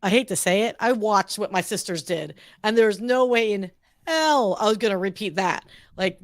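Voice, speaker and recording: A woman's voice: medium pitch, lively intonation, moderate pace, no room sound, studio quality. Chatty American woman on a livestream. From United States. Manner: chatty, laughs often, frequent "like". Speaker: co-host. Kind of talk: casual chat on a livestream. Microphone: mic on a stand.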